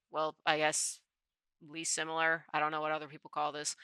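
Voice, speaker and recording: A woman's voice: fairly low pitch, bright, forceful tone, clear, resonant tone, no room sound. A woman streamer chatting casually as she takes a quiz, thinking aloud, rambling and often correcting herself. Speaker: VTuber streamer. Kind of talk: casual chat while taking a quiz.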